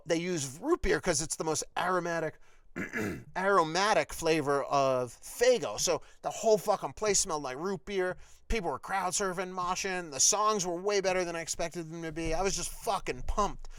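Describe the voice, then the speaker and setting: A man hosting his own podcast, telling a rambling personal story with lots of swearing and animated asides. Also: on the high side, dry recording. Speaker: podcast host.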